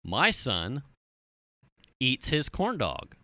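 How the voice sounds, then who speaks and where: A man's voice: medium pitch, very slow, dry recording. A man in his thirties telling a family story on a casual podcast, swearing freely and acting out what people said. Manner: animated, swearing storyteller who acts out quotes. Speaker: podcast co-host.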